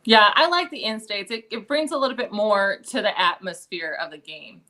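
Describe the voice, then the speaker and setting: A woman's voice: mid-range voice, normal speed, bright, forceful tone. A woman hosting a sports podcast, casually steering the talk with upbeat questions. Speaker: podcast host and moderator.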